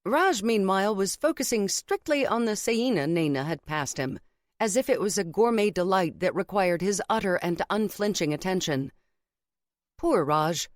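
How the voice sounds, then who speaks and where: This is a lowish-voiced woman reading an audiobook from a script in an even, measured storytelling tone. The sound is clean studio audio with no room sound.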